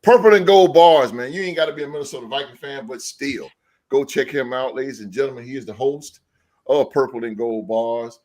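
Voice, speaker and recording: A man hosting a sports podcast, hyping up his co-hosts with loud, excited introductions. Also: medium pitch, fairly quick. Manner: loud hype-man introductions, shouting and laughing. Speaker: podcast host.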